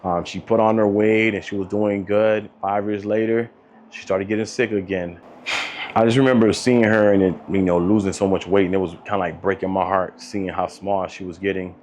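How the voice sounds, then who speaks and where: A man telling a personal story of loss in a soft, halting way, with many pauses and restarts. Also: low voice, fairly even intonation, a little hiss or hum. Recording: dull lo-fi audio with music behind. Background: soft instrumental music.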